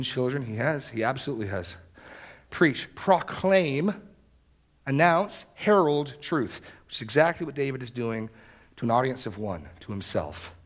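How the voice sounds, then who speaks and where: Male pastor, mid-pitched, earnest sermon delivery that builds to emphatic peaks. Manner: earnest preaching that swells to loud, emphatic exclamations.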